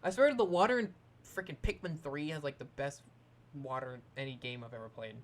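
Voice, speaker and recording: A woman's voice: low voice, fairly quick. A woman hosting a Let's Play, chatting and joking through video game commentary with a sarcastic streak.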